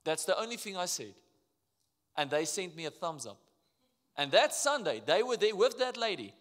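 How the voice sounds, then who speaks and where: Animated Afrikaans South African preacher in hall. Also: male voice, sits high, moderate pace. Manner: animated, storytelling, drops to quiet asides. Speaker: pastor. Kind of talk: sermon. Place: church auditorium. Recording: reverberant church hall.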